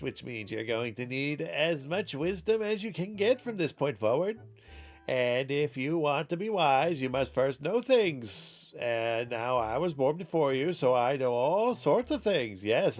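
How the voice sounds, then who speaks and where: A man voicing a fussy, pompous old male scholar who lectures at length. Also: fairly high pitch.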